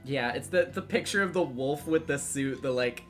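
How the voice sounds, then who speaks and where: A man's voice: mid-range voice, moderate pace. Man chatting loosely over game music. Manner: rambling, laughs often. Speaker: let's play streamer. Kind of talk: casual gameplay commentary.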